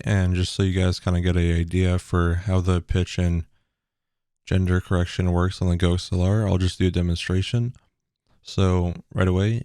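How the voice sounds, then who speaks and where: A young man giving a casual tutorial in a loose, relaxed way with frequent ums, recorded on a bass-heavy broadcast microphone at home. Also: no echo, clean studio sound. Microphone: bass-heavy broadcast dynamic microphone.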